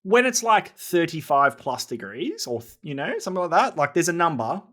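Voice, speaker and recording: A man, a wedding photographer co-hosting a podcast, telling stories in a laughing, animated way. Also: on the high side, fairly quick. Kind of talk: casual podcast chat.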